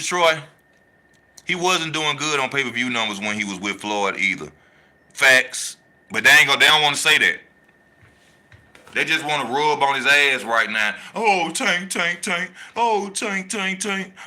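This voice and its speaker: A man hosting a casual boxing talk show, animated and slangy, repeating his points for emphasis while he reads the chat. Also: medium pitch, moderate pace, pauses often. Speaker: boxing channel host.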